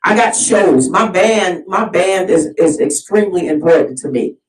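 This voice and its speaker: A woman's voice: lowish voice, expressive, normal speed. A woman delivering an impassioned solo monologue as host of her own video series, preachy and fired up, often repeating and restarting her phrases. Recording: roomy sound, mic at a distance.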